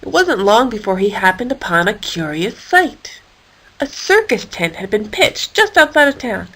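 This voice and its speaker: A woman reading a children's story aloud in an expressive, playful way. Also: mid-range voice, moderate pace, poor audio. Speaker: storybook reader.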